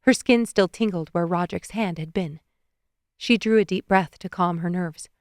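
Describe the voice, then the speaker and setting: A woman narrating an audiobook in an even, expressive reading on a close studio mic. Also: lowish voice, moderate pace, dry recording.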